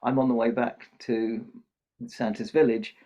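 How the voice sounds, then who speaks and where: A man's voice: medium pitch, little pitch movement, measured pace, warm tone. An older man who works as Santa, telling a children's story in a podcast interview and acting out the characters' lines. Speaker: podcast guest, Santa performer. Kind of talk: storytelling in conversation. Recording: muffled lo-fi podcast audio.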